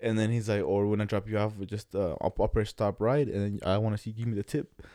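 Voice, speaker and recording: A young man rattles off a story at high speed in a dark, mellow voice, close and dry with no room sound. His telling rambles through slang, restarts and voices of the people in it. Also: fairly even intonation, quick pace, no echo. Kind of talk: casual chat.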